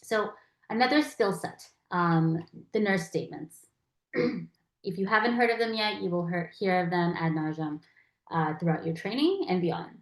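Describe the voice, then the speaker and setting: Woman lecturer, low voice, conversational, acts out quotes, echoey room. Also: normal speed. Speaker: palliative care educator.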